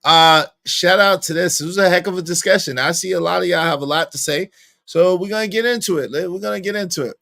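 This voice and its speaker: Man, young adult, livestream host, casual commentary, teasing, repetitive, bright tone, somewhat high. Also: quick pace, gravelly. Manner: animated, teasing, repeats lines to the chat. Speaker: livestream host reading chat.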